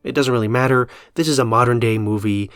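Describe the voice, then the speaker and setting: A man in the middle of the usual pitch range for a man, talking through a film trailer in a loose, conversational way. He hesitates often with ums and uhs, and faint music plays underneath his voice. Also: steady tone, fast, a bit bright, smooth, no echo. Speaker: film commentator. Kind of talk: casual video commentary.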